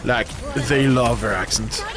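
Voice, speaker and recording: A man's voice: medium pitch, a little slow. Rambling Frenchman chatting over game music. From France. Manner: chatty, rambling with frequent restarts. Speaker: streamer. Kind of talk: casual chat while playing a video game.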